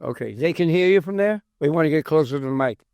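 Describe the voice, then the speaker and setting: A man's voice: a little high, lively intonation, fast, darkish tone, clear, resonant tone, no echo, clean studio sound. Joking Brooklyn-raised man, guest. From Brooklyn, New York. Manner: chatty, joking. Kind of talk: casual chat.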